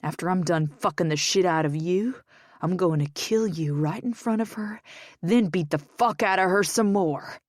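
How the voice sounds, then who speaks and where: A woman's voice: on the low side, normal speed, dry recording, clean studio sound, natural voice. A woman voicing a drunk, violent, abusive grown man who snarls crude threats in an audiobook. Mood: snarling.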